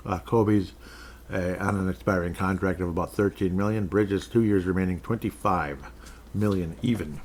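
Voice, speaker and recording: A man's voice: sits low, fairly even intonation, moderate pace. A man hosts a casual sports podcast from home. He rambles and jokes along, with frequent chuckles. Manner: rambling, jokey, chuckles often. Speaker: podcast host.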